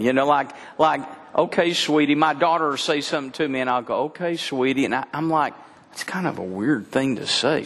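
A middle-aged man preaches with a husky, fairly high voice that swings widely up and down. He talks earnestly and repeats words to drive his points home. A long reverb from the church hall trails each phrase. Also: a bit bright. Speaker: pastor. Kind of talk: sermon. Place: church service.

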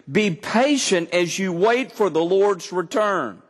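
A man's voice: sits high, expressive, unhurried, long reverb tail. A man from Texas, preaching a sermon, reading scripture and explaining it with humor. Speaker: pastor.

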